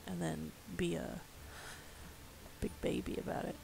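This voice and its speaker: A woman's voice: on the low side, flat delivery, unhurried, gravelly, dark tone, a little hiss or hum. A woman streaming a video game, chatting casually, teasing someone in the room and laughing often. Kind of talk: casual gameplay chat.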